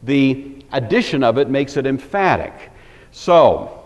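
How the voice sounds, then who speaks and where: A man's voice: medium pitch, animated, a little slow, in a large hall. A man teaching a lesson on a Bible passage in a conversational way, with frequent asides as he thinks aloud.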